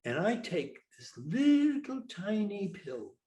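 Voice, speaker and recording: An older man, appearing as an interview guest, tells a funny anecdote in a high-pitched, slow voice with a roomy sound. He's an animated storyteller who acts out every character's dialogue in a lively voice.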